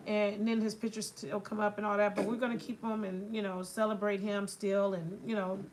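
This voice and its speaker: A woman's voice: medium pitch, flat delivery, a little fast, a little mellow. A woman chatting casually in a nail salon, telling a long story in a rambling way, full of filler phrases. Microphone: phone livestream. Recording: clear nail sanding noise behind.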